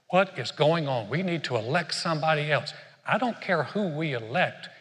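A man's voice: a little high, pushed and bright. Older male preacher in a reverberant hall. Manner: conversational, repeats words when restarting. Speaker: pastor. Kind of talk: sermon.

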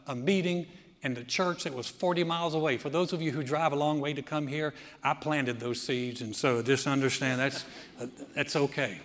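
A man preaching with long church reverb. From United States. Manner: swings from loud emphatic preaching to quiet, low prayer. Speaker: pastor. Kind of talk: sermon. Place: church sanctuary.

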